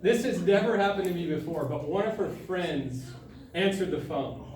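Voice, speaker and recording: A young man giving a sermon to a student group, telling a personal story in a casual, animated way with frequent laughter. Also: sits high, normal speed, crowd noise. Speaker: student speaker. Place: large room at a student gathering. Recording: echoey room, from far off, faint noise.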